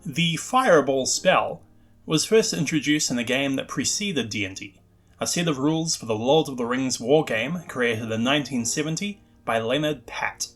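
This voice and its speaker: A man's voice: mid-range voice, expressive, normal speed, a bit bright, faint music behind. A man hosting a scripted narration about the history of a tabletop game spell, with wry, self-deprecating asides. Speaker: host.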